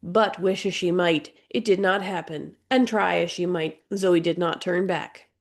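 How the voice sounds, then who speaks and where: Low gravelly woman narrating. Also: measured pace. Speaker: audiobook narrator. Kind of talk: scripted narration.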